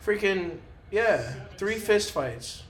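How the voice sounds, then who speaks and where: A man hosting a podcast, chatting casually and excitably about football in a slangy, trash-talking way. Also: sits high, slow. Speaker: podcast host. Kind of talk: casual sports chat while watching a game.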